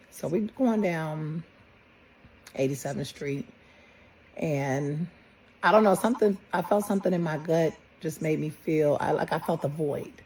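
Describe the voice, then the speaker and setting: A middle-aged woman, a mother slowly retelling a personal story and quoting the people involved. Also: low voice, darkish tone, slight background noise, low-quality recording. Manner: plain, halting retelling with quoted dialogue. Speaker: grieving mother.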